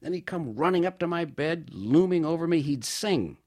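A man with a slightly husky voice performs a comic monologue about his childhood. His delivery is wry and mock-grand, and his pitch leaps up and down. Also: lively intonation, moderate pace, a little mellow.

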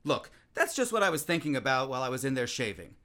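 An actor playing a restless, talkative man-about-town who gets excited and trips over his own words. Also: mid-range voice, quick pace. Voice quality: voluble and excitable, with frequent restarts. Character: restless, voluble man-about-town, nervous and self-mocking. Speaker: actor in a play. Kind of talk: theatrical stage-play acting.

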